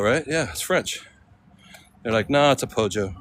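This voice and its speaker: Strolling through city streets for a vlog, a man chats in a laid-back, rambling way, laughing often and dropping slang. His medium-pitched voice is a bit bright with lively intonation and a moderate pace, and the poor audio picks up street noise behind him.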